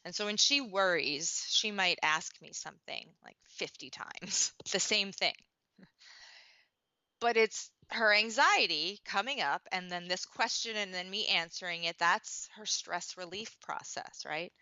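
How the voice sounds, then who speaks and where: A woman coach explains things earnestly and talks freely, with lots of fillers and restarts. Her voice is bright and somewhat low. The sound is dry and dull, like lo-fi audio. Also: a little slow, no room sound. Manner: earnest, talkative, many "you know" fillers and restarts. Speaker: parenting coach. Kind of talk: conversational interview answer.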